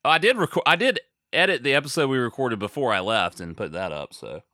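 A man's voice: medium pitch, lively intonation, brisk, sharp tone, no echo, clean studio sound. An American man co-hosting a podcast, chatting casually in a rambling, self-mocking way with lots of fillers. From United States. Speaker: podcast co-host. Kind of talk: casual chat.

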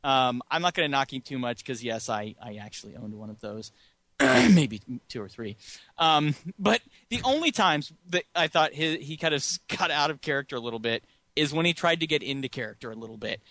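A man's voice: mid-range voice, a little fast, sharp tone, dry recording. A man co-hosting a podcast, rambling through casual movie chat and chuckling often. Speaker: podcast co-host.

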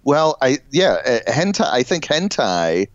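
A middle-aged man co-hosting a casual comedy podcast, rambling and halting with lots of fillers and chuckles. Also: medium pitch, very animated, no echo. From Illinois. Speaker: podcast co-host. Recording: dull, dry lo-fi podcast audio.

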